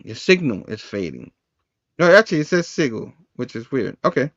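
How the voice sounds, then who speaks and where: A man casually recapping a comic book on a show, acting out the characters' lines with quick shifts in voice and frequent laughs. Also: mid-range voice, sing-song, a bit bright, no room sound, highs cut off.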